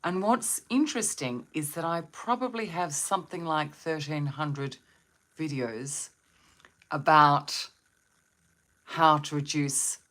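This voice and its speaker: A woman's voice: low voice, slow, fairly bright tone. A woman hosting a live stream on wellbeing, talking to viewers in a soothing, reflective way and asking them questions. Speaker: meditation and wellbeing host.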